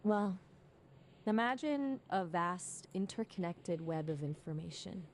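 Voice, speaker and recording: A woman's voice: lowish voice, lively intonation, unhurried. A woman's voice acting as a conversational AI assistant, apologetic and explanatory as she answers questions. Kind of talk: conversational AI chat.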